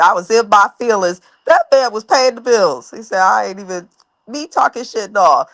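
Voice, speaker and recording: A woman's voice: medium pitch, expressive, normal speed, a bit bright. A married woman co-hosting a casual TV recap, speaking bluntly and frankly. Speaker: recap show co-host.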